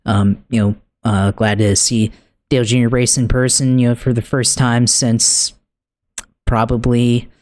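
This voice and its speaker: A man's voice: mid-range voice, a little slow, no echo. A man co-hosting a podcast, giving a casual, rambling recap full of fillers and restarts. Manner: relaxed, conversational. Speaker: podcast co-host.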